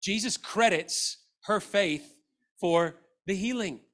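Man, middle-aged pastor, high voice, passionate sermon, softer quoted lines. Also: slow. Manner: passionate preaching, dropping to quiet voices for quoted scripture.

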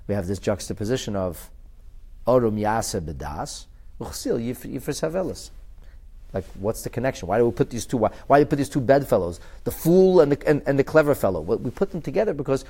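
Talmud teacher, man, lively pitch swings, restarts and repeats. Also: a little fast. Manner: animated, pitch jumps high for emphasis and acted quotes; restarts and repeats words while explaining. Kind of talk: recorded Talmud class.

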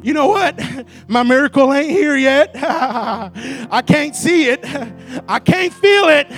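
A man preaching an impassioned sermon in a church, shouting and rousing the congregation. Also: very high-pitched, expressive, slow pace, faint music behind.

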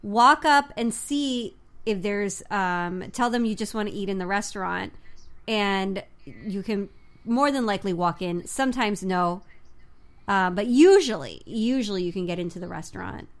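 A young adult woman chatting casually as a vlogger, animated and playfully mocking. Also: mid-range voice, moderate pace. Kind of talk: casual chat.

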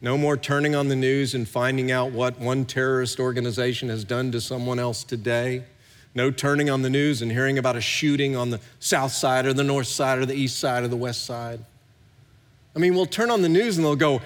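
Animated preaching man in a reverberant hall. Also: medium pitch, fairly quick. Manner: animated preaching, swinging from hushed to loud. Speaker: pastor. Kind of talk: sermon.

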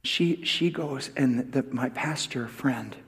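A man's voice: medium pitch, slow, husky. Fervent male preacher in a reverberant hall. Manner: swings between hushed, near-whispered asides and loud, fervent preaching; repetitive, rousing phrasing. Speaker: pastor. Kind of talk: sermon.

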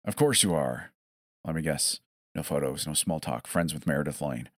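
A man's voice: a bass voice, animated, normal speed, dry recording, studio quality. A man voicing a nervous, desperate man who talks in an exasperated, blunt way.

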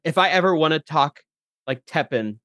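Man, podcast guest, slightly high voice, animated, dry close mic. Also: normal speed, no echo. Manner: animated, slips into character voices mid-sentence. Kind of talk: casual podcast chat.

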